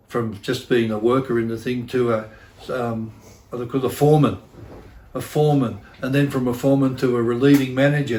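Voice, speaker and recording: A man's voice: medium pitch, reverberant. A middle-aged man preaching a sermon as pastor, earnest and repeating key phrases for emphasis, with self-deprecating asides. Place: church.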